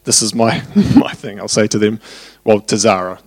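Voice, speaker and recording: A man preaching a sermon, telling family stories in an animated, anecdotal way. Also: on the low side, moderate pace, dry recording. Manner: anecdotal, animated when retelling family scenes.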